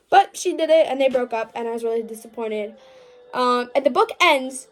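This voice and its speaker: A young woman with a high voice talks through a book recap for her vlog. She is chatty and gushing, with lots of "like" fillers and playful, dramatic mock outrage. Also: lively intonation, fast. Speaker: book vlogger.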